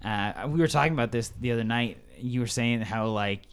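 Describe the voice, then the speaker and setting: A man co-hosting a laid-back movie podcast, talking in easy chat. He turns animated and incredulous when he gets worked up, swearing in outrage at the news. His voice sits at a middle pitch for a man. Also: brisk, clear, resonant tone. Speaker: podcast co-host.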